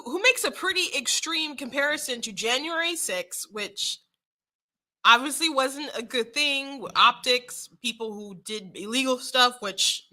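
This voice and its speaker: A woman's voice: a little high, pushed and bright. A young woman giving casual political commentary, chatty, often laughing and restarting her sentences.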